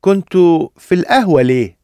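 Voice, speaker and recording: A man's voice: high voice, sing-song, rapid-fire, warm tone, no echo, clean studio sound. A man with an Egyptian Arabic accent, modelling phrases cleanly for learners in a language class.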